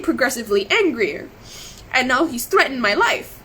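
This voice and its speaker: A woman's voice: a little high, lively intonation, fairly quick, sharp tone, breathy edge, poor audio. A woman telling her story on a live stream, shaken and close to tears, rambling, apologizing and restarting her sentences. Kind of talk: emotional live stream monologue.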